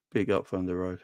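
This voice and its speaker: A man hosting a fan channel livestream, chatting casually and reading out comments, his voice jumping high when he rants. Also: dry recording. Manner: animated, voice jumps high when ranting.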